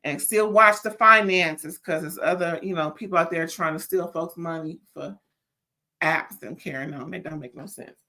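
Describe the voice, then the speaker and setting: A woman's voice: on the low side, moderate pace. Chatty woman doing a reality show recap, sassy, keeps stammering when she gets worked up. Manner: animated and sassy, stammers when riled, calls listeners "child". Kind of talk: casual chat review.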